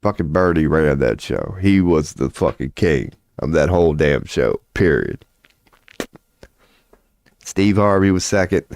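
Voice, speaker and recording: Man, deep low voice, dry close sound, casual livestream rant, rambling, profane, excitable. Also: unhurried, gravelly, no room sound. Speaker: streamer offering tarot readings.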